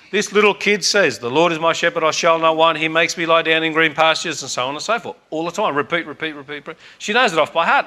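A man's voice: high voice, pushed and bright. A man, preaching and telling a story in an earnest, emphatic way, repeating points for emphasis. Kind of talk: sermon storytelling.

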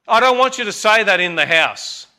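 A man voicing an angry, worried mother who scolds her daughter in a sharp voice. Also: high voice, lively intonation, normal speed, pitched above the performer's own voice, full character voice. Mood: scolding.

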